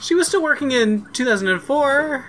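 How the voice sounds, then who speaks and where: Bright-voiced hesitant male co-host. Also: extremely high pitch, animated, moderate pace. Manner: hesitant, lots of "like" and "um". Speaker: podcast co-host. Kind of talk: casual chat.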